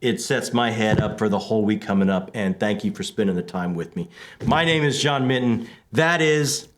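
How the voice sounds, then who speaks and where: A man's voice: fairly low pitch, normal speed. A man co-hosting a casual book chat show, playfully overselling with lots of energy and a fair bit of ham. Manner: playfully overselling, animated and hammy. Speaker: podcast co-host.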